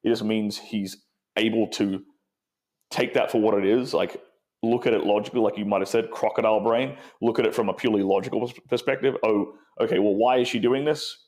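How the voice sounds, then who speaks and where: A man's voice: lowish voice, steady tone, a little fast, darkish tone. A man hosting a podcast, talking frankly and plainly, often repeating words as he works out his point. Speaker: podcast host. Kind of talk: casual podcast conversation.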